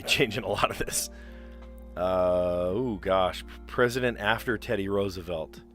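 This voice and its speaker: A man's voice: deep voice, fairly bright tone. A man from South Jersey hosting a livestream, chatting casually and thinking aloud as he works through word puzzles, often second-guessing himself.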